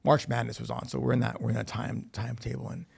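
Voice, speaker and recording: A man's voice: mid-range voice, completely flat delivery, fast, vocal fry, a little mellow, breathy edge. A man telling his recovery story at a meeting, speaking candidly with swearing and acting out quoted dialogue. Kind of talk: personal testimony. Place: recovery facility meeting room.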